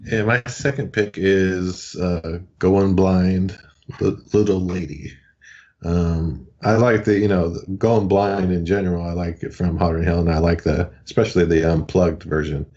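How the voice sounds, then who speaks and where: A man co-hosting a casual podcast, with a very low voice. He rambles and circles back on his words. His audio comes through dull and lo-fi. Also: fairly even intonation, a little slow, a little mellow. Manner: rambling, hesitant. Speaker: podcast co-host.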